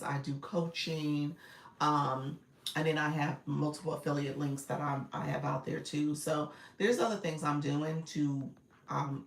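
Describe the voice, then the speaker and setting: A woman, coaching casually on a live stream, reading viewer comments, laughing often and calling her audience y'all. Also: sits low. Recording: roomy echo, a bit far from the mic.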